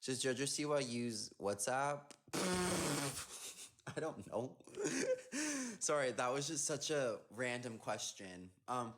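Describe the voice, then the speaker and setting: A man's voice: medium pitch, big pitch swings, takes it slowly, a bit bright. A young man chatting casually on a phone livestream, reading viewer comments aloud and answering them playfully, often trailing off mid-thought. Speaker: dancer hosting an Instagram live.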